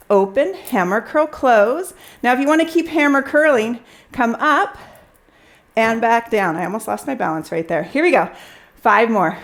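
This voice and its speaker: A woman leading a pilates workout, counting reps and cheering on her class while she exercises along and gets a little out of breath. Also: on the high side. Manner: encouraging counting coach, audibly working out alongside. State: slightly out of breath. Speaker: pilates instructor.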